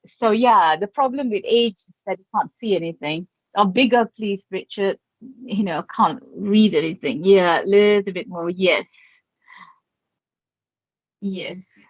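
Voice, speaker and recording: Slow-talking woman in her fifties, dull sound. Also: mid-range voice, lively intonation, no echo. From Malaysia. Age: 50s. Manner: chatty, greets viewers by name, laughs often. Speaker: psychic artist. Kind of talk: casual livestream chat.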